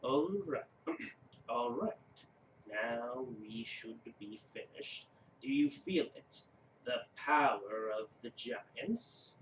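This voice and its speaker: A man voicing a solemn old male giant who carves runes, speaking slowly and gravely. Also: medium pitch, lively intonation, fairly bright tone, roomy sound, distant mic, a little hiss or hum, low-quality recording. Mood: stern. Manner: slow, grave, measured.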